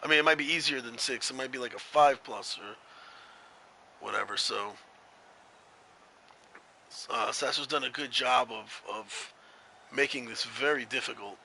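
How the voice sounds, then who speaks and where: A man doing play-by-play commentary on an online match, excitable and rambling, often laughing. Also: medium pitch, a little slow, creaky, long pauses, a little hiss or hum, rough recording. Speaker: play-by-play announcer.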